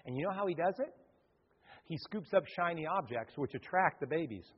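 A male pastor delivering an animated sermon, acting out the voices of the people in his stories. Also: fairly high pitch, brisk, breathy edge. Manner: animated preaching, acts out quoted voices. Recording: dull sound, long hall reverb.

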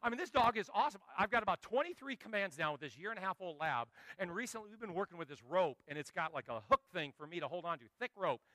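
A man preaching a sermon as pastor, telling animated stories and joking with the congregation. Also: high-pitched, fast, hardly any pauses, no echo.

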